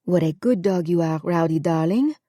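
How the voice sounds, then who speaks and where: A woman's voice: fairly low pitch, animated, no echo, clean studio sound. A woman doing a gracious older Frenchwoman. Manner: measured, gentle and soft-spoken.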